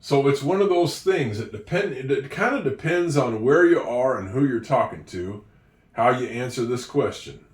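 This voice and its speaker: A man's voice: mid-range voice, normal speed. Chatty man teaching English, echoey room. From Oregon. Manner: relaxed, chatty, with fillers and light laughs. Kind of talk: casual teaching talk.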